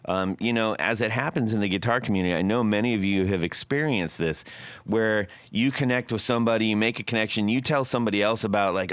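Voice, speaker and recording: A man's voice: lowish voice, lively intonation, brisk, fairly bright tone, no echo. A man hosting a guitar podcast, chatting casually and rambling with lots of fillers. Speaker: podcast host.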